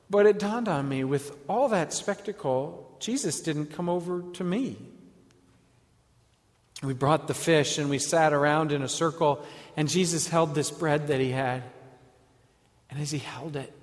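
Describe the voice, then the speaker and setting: A man telling a first-person dramatic monologue as an apostle, moving between hushed reflection and eager storytelling. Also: on the high side. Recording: echoey hall with long reverb.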